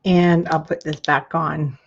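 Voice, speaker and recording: A woman's voice: sits low, little pitch movement, takes it slowly, creaky, lo-fi sound. A woman hosting a live craft tutorial, chatting to her viewers while she works and yawning now and then. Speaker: craft class host.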